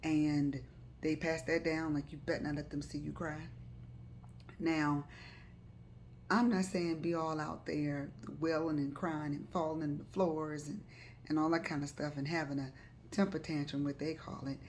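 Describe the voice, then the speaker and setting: A woman's voice: sits low, little pitch movement, moderate pace, a little mellow, a little hiss or hum. A woman hosting a live stream, talking to viewers in a loose, chatty way and often repeating herself. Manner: chatty, loose, repeats words and uses fillers. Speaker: host of a live talk stream. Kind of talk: casual advice talk to viewers.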